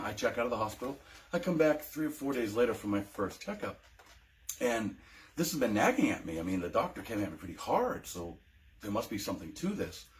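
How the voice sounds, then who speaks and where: A veteran from the United States, his voice fairly low, tells his own story in a personal testimony vlog. He sounds emotional and unsure, with frequent ums and restarts.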